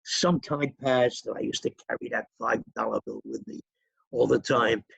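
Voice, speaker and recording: An older man, his voice gravelly and husky. He drifts from one memory to the next in a rambling, chatty way. The sound is close and dry. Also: medium pitch, fairly even intonation, moderate pace, a bit bright, dry recording. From New York. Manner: rambling, digressive storytelling with chuckles. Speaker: interview guest. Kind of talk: reminiscing in a casual interview.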